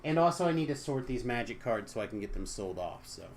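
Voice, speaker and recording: A young man chatting casually with viewers on a live game stream, joking and trailing off into quiet asides. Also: mid-range voice, lively intonation, fast talker, slight background noise.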